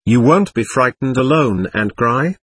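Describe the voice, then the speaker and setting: A self-assured schoolboy who talks with mock solemnity and likes to show off, as a man reads him. The voice is husky and lively in pitch. It is recorded dry and close. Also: a little slow, no echo. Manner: solemn, showing off.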